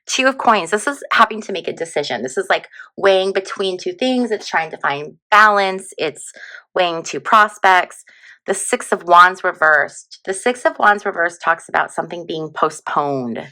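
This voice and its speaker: A woman's voice: fairly low pitch, normal speed, bright, forceful tone. Chatty giggly woman reading tarot. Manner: chatty, giggly, lots of fillers like "like" and "you know". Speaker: tarot reader. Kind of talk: casual tarot reading monologue.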